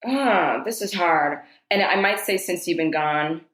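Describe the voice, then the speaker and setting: A woman's voice: on the low side, measured pace, a bit bright, a little hiss or hum. A woman guest on a podcast, chatting casually and enthusiastically, with a lot of "like" fillers. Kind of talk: casual chat. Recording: echoey room.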